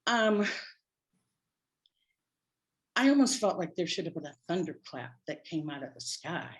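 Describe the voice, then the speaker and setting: A middle-aged woman, a spiritual practitioner, telling a personal story to her congregation in an animated, wry way. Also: low-pitched, brisk.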